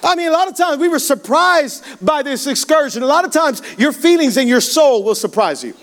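A young male pastor preaches a sermon, his voice pitched very high. He tells stories with humor and slips into acted-out lines. The talk is animated throughout. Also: a little fast. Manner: animated, humorous, acts out quotes. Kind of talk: sermon with storytelling. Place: church sanctuary.

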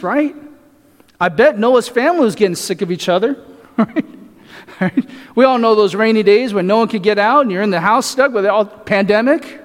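A male pastor preaching a sermon, asking the congregation rhetorical questions and often adding "right?". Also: high-pitched. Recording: echoey hall reverb.

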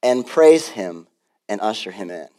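A man pastor preaching a sermon in an animated, conversational way, with frequent asides. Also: lowish voice, measured pace.

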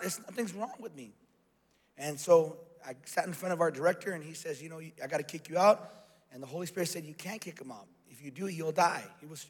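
A man, a pastor, preaching a sermon and telling a personal story, moving from hushed passages to shouted exhortation. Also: fairly high pitch, breathy edge. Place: large church hall. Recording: long hall reverb.

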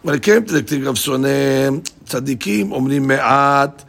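Gravelly-voiced man teaching Talmud. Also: medium pitch, a little slow. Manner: animated, explains by acting out both sides in quotes. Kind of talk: Talmud study class.

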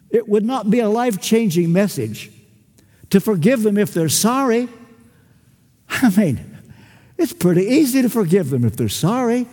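An older man delivers a sermon with emphatic, measured phrasing. He acts out small dialogues between people and lets long pauses hang. His voice is high but mellow, ringing in a reverberant hall. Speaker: preacher.

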